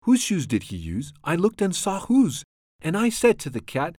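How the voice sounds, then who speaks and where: A man reading a children's rhyming storybook aloud with a rhythmic, expressive delivery. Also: sits high, moderate pace, dry recording, studio quality. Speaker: storybook reader.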